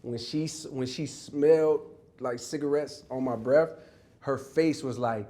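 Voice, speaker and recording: A man spinning a personal story in an easy, conversational way. His delivery is loose and rambling, full of restarts and fillers, and he drops into other people's voices now and then. His pitch sits in an ordinary middle range. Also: a little slow, warm tone. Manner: acts out others' voices while telling a story. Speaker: interview guest. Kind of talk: casual storytelling.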